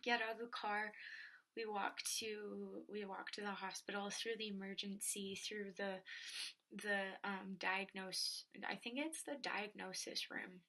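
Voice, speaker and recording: A young woman telling a personal story in a soft, often whispery voice, with many filler words. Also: mid-range voice, little pitch movement, unhurried, gravelly. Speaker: vlogger.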